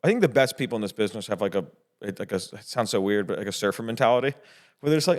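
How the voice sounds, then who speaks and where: A man who is a filmmaker appears as a guest in a relaxed podcast conversation. He talks quickly in laid-back, slangy language, and his pitch swings a lot as he laughs his way through stories. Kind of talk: casual podcast chat.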